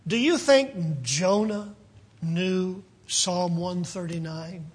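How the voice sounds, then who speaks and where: Male preacher, high voice, husky, slow deliberate delivery, sermon with scripture reading. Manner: slow, deliberate preaching, rising loud on key phrases.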